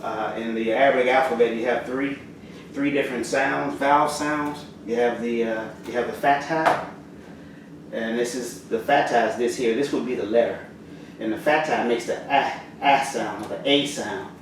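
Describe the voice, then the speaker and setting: A man's voice: mid-range voice, fairly even intonation. Man teaching letters in an echoey room. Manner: halting, many fillers, slow and clear letter drills. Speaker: Arabic teacher. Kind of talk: casual spoken lesson. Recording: roomy echo from far off, audible noise.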